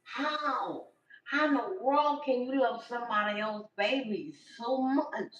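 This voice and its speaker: A woman's voice: on the high side, slow pace, fairly bright tone. An older woman, talking casually to her livestream viewers, emphatic and repeating herself for effect. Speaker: livestream host. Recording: distant, dull, echoey room sound.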